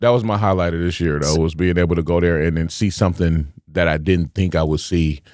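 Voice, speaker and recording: A man with a lowish voice rattles through stories at a fast clip, confident and loud. He sounds like a comedian trading stories with friends on a podcast. The recording is dry and close, with no room sound. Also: steady tone, no echo. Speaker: podcast co-host, stand-up comedian. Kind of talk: casual chat.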